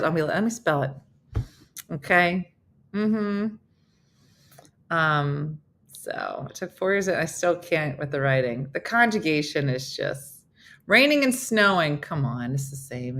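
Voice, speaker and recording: A woman's voice: sits low, pushed and bright. A middle-aged woman with a New Jersey accent, hosting a casual live morning show and chatting with viewers in a self-mocking way.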